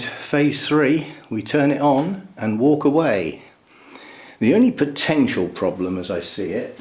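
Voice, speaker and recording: A man giving a casual, chatty walkthrough inside a small greenhouse, chuckling at his own jokes and talking into a handheld camera mic. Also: lowish voice. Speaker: orchid grower vlogger.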